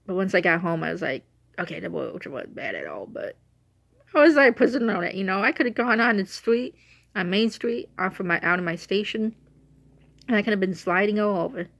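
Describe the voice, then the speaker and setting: A woman's voice: medium pitch, normal speed, a bit bright. A young woman talking casually in a rambling, self-correcting way on her vlog, emotional as she remembers her late dog. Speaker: vlogger.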